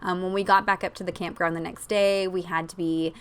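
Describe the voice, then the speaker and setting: A woman's voice: fairly low pitch, flat delivery, brisk, clean tone. A woman in her thirties, a crafting vlogger, casually telling a story with lots of ums and likes. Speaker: scrapbooking vlogger.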